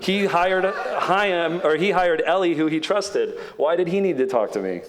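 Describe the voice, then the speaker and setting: A man's voice: sits high, animated, unhurried. Chatty man telling a story. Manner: chatty, many "like" fillers, acts out others' lines. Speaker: panelist. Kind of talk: casual storytelling on a panel.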